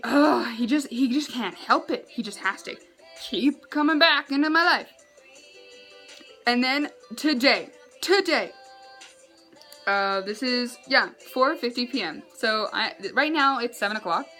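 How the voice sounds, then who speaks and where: A woman vlogger telling a story to the camera, exasperated and animated, laughing in disbelief. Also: a little high, unhurried, faint music behind.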